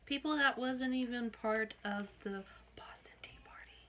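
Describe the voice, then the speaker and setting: Young woman, higher pitch, very bright voice, laid-back short remarks. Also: moderate pace, slight background noise. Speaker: guest. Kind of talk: casual chat.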